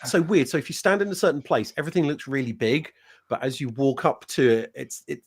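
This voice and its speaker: A man's voice: mid-range voice, animated, fairly quick, slightly rough. Earnest man explaining on a stream. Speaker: stream panelist. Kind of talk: casual chat.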